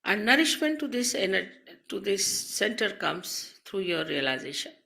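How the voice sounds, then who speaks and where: A woman speaks as a spiritual teacher, lecturing slowly and deliberately into a microphone. Her voice is gravelly with fry, yet bright and forceful in tone. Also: medium pitch, sing-song. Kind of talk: recorded spiritual talk. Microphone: on a mic.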